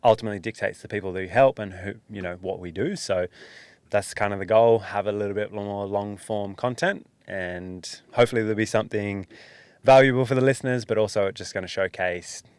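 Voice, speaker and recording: A man's voice: fairly low pitch, a little fast, darkish tone, clean tone, no room sound. Laid-back man hosting a podcast. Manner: laid-back, chatty, calls guest mate. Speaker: podcast host, personal trainer. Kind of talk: casual podcast interview. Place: small studio.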